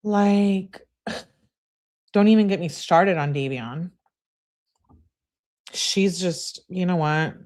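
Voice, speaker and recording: A woman's voice: fairly low pitch, extremely slow, pauses often, darkish tone. A woman hosting a true-crime channel, reading texts and adding candid asides with sighs and laughs for her viewers. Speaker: true-crime commentary host.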